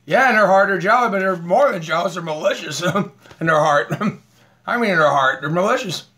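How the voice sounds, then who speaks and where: Talking at a normal speed while he eats, this vlogger keeps his rambling live chat combative and aggrieved, breaking into laughter often. His voice sits high, animated, pushed and bright.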